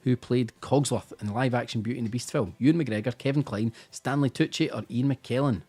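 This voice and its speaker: A man's voice: mid-range voice, brisk, darkish tone, breathy edge. A Scottish man hosting a casual live-stream quiz, chatty and teasing, tired after a busy day, over faint music. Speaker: quiz host.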